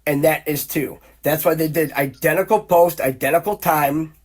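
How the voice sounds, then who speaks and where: Here the podcast host's voice is a little high and his speed normal. He rambles through a heated, profane rant, restarting often and firing off repeated exclamations that build in rising bursts.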